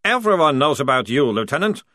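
A man voicing a relaxed, cocky enemy sergeant who talks in a sarcastic, mocking drawl. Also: a little high, a little fast, no echo, clean studio sound, voice pushed up.

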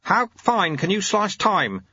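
Gruff, urgent old sweeper, put on by a man; raised pitch, muffled recording. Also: very animated, slow pace, sharp tone, no room sound, exaggerated voice.

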